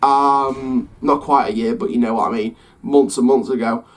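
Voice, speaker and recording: A man's voice: medium pitch, steady tone, moderate pace. A man hosting a casual theme park vlog, talking in a rambling, self-correcting way with an upbeat sign-off. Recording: slightly distant mic, faint music behind.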